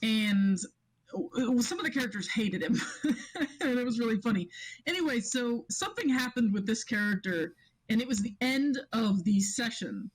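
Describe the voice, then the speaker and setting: A woman's voice: fairly high pitch, animated, normal speed, breathy edge, poor audio. A woman guest on a casual podcast chat, a game master who rambles through her stories with many restarts and laughs.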